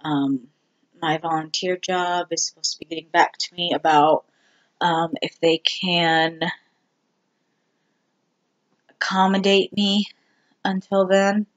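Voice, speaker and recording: A vlogger giving a candid personal update, talking slowly and haltingly with many ums and restarts. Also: mid-range voice, steady tone, fairly bright tone, muffled recording. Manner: candid and self-deprecating. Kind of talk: casual personal health update.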